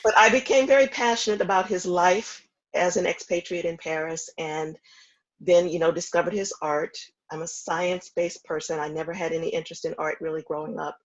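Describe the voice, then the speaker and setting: A woman in her fifties from the American South, a foundation founder calmly recounting her story in a remote interview, with steady ums. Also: lowish voice, muffled recording. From Houston, Texas. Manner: measured, reflective storytelling with frequent ums.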